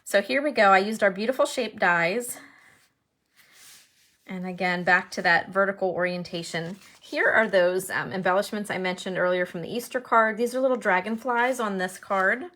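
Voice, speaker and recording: A woman's voice: mid-range voice, moderate pace, a bit bright. A woman chatting in a casual, enthusiastic way as she shows her handmade cards, sometimes thinking aloud. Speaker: card-making demonstrator. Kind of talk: casual show-and-tell crafting video.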